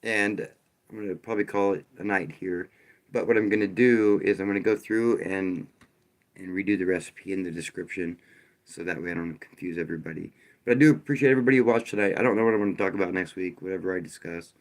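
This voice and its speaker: A man's voice: low-pitched, quick pace. A man hosting a live stream, talking loosely and casually, with frequent restarts and a wry, sarcastic edge. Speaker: livestream host.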